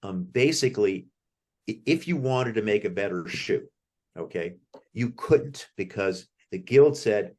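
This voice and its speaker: Speaking unhurriedly with lively intonation, this American man is an author guest in a conversational interview, wandering through anecdotes and often restarting. His voice is on the low side with a darkish tone.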